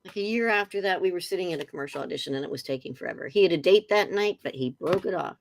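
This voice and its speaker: A woman's voice: fairly low pitch, rapid-fire. A middle-aged woman, a guest on a casual interview over a video call, telling funny anecdotes with lots of energy and laughter. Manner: animated storyteller, laughing often.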